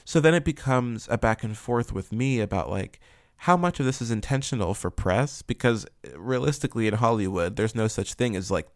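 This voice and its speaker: A man's voice: fairly low pitch, no room sound, clean studio sound. A man ranting in blunt, profane commentary, full of fillers and rhetorical questions. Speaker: commentary vlogger.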